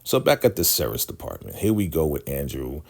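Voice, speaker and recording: Very deep-voiced man recapping an episode. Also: sing-song, brisk, gravelly. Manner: loose and chatty, full of "you know" and "right?". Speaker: TV recap host.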